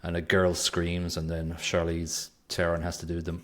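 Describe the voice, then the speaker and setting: A man's voice: low voice, monotone, moderate pace, fairly bright tone. A man co-hosting a podcast, recapping a film in casual chat with dry, rambling remarks. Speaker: podcast co-host.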